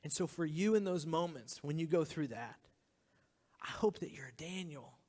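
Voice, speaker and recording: An earnest male pastor in his thirties preaches with a slightly high voice, sinking now and then to a near whisper to stress a point. His words ring out with a long, lingering reverb from a large church hall. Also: expressive, normal speed. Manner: earnest, drops into hushed whispers for emphasis. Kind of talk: sermon.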